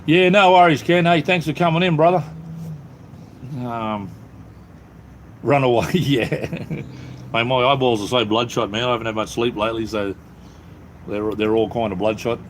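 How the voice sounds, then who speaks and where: A middle-aged Australian man rambles through a casual phone live stream with an ordinary mid-range voice. He is easygoing and quick to mock himself, and a faint hiss of noise sits under his talk. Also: mid-range voice. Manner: rambling, self-mocking, easygoing.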